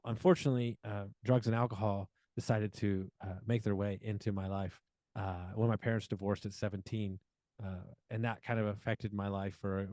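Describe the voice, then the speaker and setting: A man's voice: lowish voice, dry recording. Storytelling man, dry close sound. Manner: animated storyteller acting out quoted dialogue, many fillers. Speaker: podcast guest. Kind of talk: casual storytelling interview.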